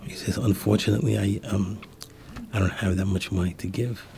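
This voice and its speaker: A man, a rabbi, telling a story as a sermon and acting out the dialogue in soft, hushed tones. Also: on the low side, fairly even intonation, brisk, gravelly.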